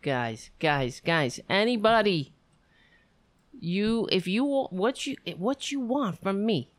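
A woman's voice: mid-range voice, expressive, slow pace, dry recording. A woman hosting her own show, ranting sarcastically and rambling through thanks to her supporters. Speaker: show host. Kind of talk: ranting livestream monologue.

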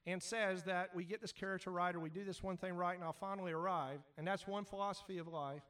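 A man preaching a sermon as pastor, animated, shouting at times and then dropping to quiet asides. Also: high-pitched, fast, recorded from a distance.

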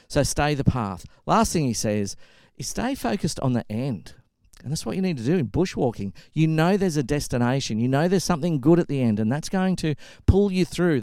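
A middle-aged pastor with a smooth, medium-pitched voice preaches a sermon conversationally, recorded dry with clean studio sound. He tells stories with animation and acts out the quotes in them.

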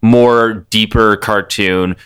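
A man co-hosting a casual podcast chat about a cartoon, talking in animated bursts that jump high when he makes a point. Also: slow pace, clean tone. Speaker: podcast co-host.

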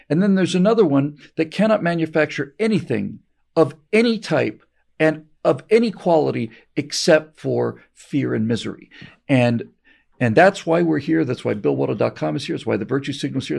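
Gravelly husky guy hosting a commentary show, emphatic, repeats himself a lot. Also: medium pitch, darkish tone. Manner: emphatic, repeats words when restarting. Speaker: show host. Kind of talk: political commentary.

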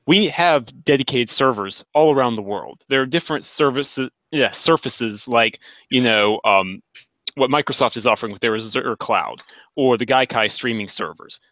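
A man's voice: mid-range voice, moderate pace, bright, forceful tone, no room sound, low-quality recording. A man co-hosting a gaming podcast, venting with frustrated energy. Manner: frustrated ranting. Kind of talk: casual chat.

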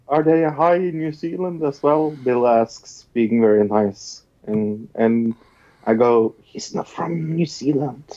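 A man's voice: mid-range voice, dark tone. A man from Norway with a Norwegian accent, co-hosting a podcast in casual chat, blunt, laughing often and swearing. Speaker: podcast co-host. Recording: dull lo-fi sound.

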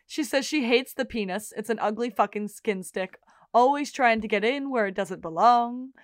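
Fairly high woman, animated recap chat. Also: dry recording, studio quality. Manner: animated retelling, quotes characters in quick bursts. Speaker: podcast co-host.

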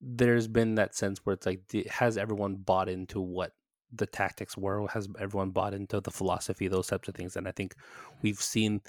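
A man co-hosting a casual podcast, making measured points and often checking in with "right?". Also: low-pitched, little pitch movement, dry recording, studio quality. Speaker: podcast co-host. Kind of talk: casual chat about soccer.

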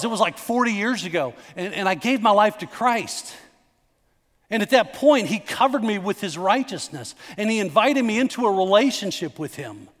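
High-voiced preacher in a reverberant hall. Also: male voice, a bit bright. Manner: conversational, emphatic preaching with asides to the congregation. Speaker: pastor. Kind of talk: sermon.

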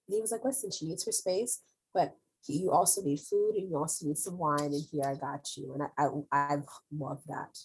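Woman with kinda husky voice, chatty and emphatic, repeats words when excited. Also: sits low, brisk, poor audio. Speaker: co-host recapping a TV episode. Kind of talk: casual chat.

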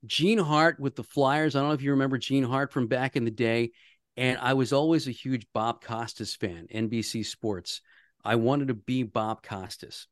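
A radio man from the Philadelphia area talks through a story in an earnest, conversational way, often restarting his sentences. His voice sits at an ordinary middle pitch, and the sound is dry and close. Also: steady tone, normal speed, no echo. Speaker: radio host, guest. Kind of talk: casual podcast chat.

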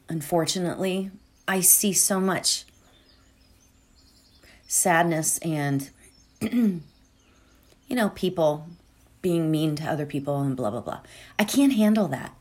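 A woman's voice: on the low side, slow pace, long pauses, darkish tone. A woman hosting a meditation show, speaking casually and from the heart, rambling with many fillers and restarts before leading a guided meditation. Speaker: meditation host.

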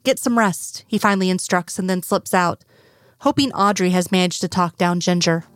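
A woman narrating a fan fiction story in a steady, even storytelling manner. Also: fairly low pitch, brisk, dry recording. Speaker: audiobook narrator.

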